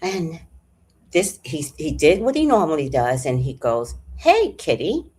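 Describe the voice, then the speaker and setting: A woman vlogger telling a story in a casual, animated and profane way, sighing and clearing her throat often. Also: sits low, measured pace.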